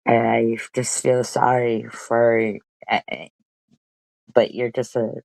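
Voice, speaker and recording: A woman's voice: very deep voice, slow, gravelly, darkish tone, no room sound, low-quality recording. A woman live streamer arguing in a profane, confrontational and mocking way. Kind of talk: heated live-stream commentary.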